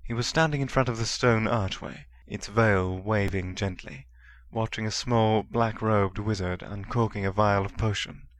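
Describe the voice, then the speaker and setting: A man narrating a story in a steady storytelling manner. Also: fairly low pitch, normal speed, few pauses. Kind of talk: fan reading of a story.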